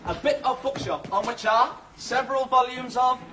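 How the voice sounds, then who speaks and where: An actor playing an eager young male recruit who plays detective in an animated, self-satisfied way. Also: extremely high pitch, normal speed. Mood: explaining. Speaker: RAF trainee. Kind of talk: 1980s TV sitcom acting. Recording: noisy old TV soundtrack.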